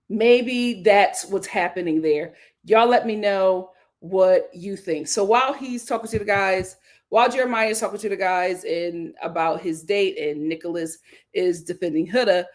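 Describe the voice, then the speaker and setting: An American woman hosting a reality show recap, telling it with dramatic flair and frequent laughter. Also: medium pitch. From United States. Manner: animated, dramatic storytelling with laughter. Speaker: host.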